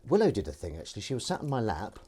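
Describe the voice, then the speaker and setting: A man's voice: lowish voice, huge pitch swings, rapid-fire, noisy background. A man with a Southern English accent hosting a live stream while washing up, chatting with viewers in a rambling, self-mocking way. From England.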